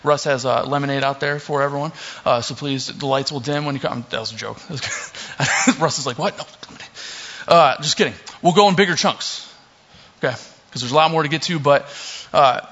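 A young male pastor with a mid-range voice talks at a moderate pace. He's relaxed, reads scripture, cracks jokes along the way, and fills gaps with lots of fillers, and the lo-fi sound is dull and muffled.

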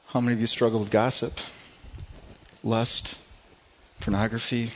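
A man's voice: mid-range voice, flat delivery, normal speed, lo-fi sound. A male pastor preaching a sermon to a congregation, speaking conversationally, repeating words and asking the room questions. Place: church service before a congregation.

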